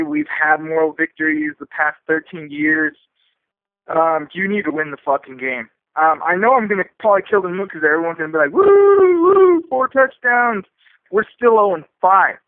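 A man's voice: a little high, no room sound. Angry man ranting over a phone line. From El Centro, California. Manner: profane, frustrated, emphatic. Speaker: fan caller. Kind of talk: angry call-in rant.

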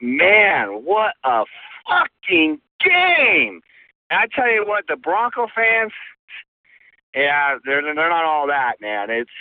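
A man's voice: medium pitch, no echo. A male caller leaving a rambling, profane, overexcited voicemail from his car. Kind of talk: excited fan voicemail. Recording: tinny phone line.

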